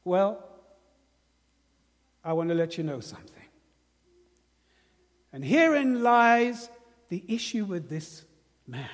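A man's voice: sits high, sing-song, takes it slowly, long pauses, big-room sound. A man with a British accent preaching a sermon, questioning the congregation and drawing call-and-response. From Britain.

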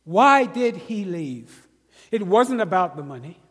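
A man's voice: high-pitched, big pitch swings, measured pace, breathy edge, in a large hall. A man with a British accent preaching a sermon, questioning the congregation and drawing call-and-response. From Britain.

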